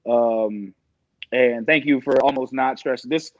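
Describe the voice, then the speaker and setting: Profane excitable man, dull lo-fi sound. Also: medium pitch, unhurried, dry recording. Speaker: podcast guest. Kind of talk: casual podcast chat. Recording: dull lo-fi dry mic.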